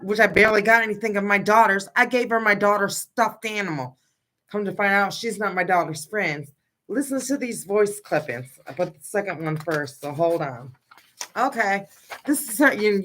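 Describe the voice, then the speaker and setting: A woman's voice: mid-range voice, a bit bright. Blunt, insistent middle-aged woman livestreaming. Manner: blunt and insistent, pressing question after question. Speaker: grieving mother on a livestream. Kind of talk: casual livestream talk, reading out a list of questions.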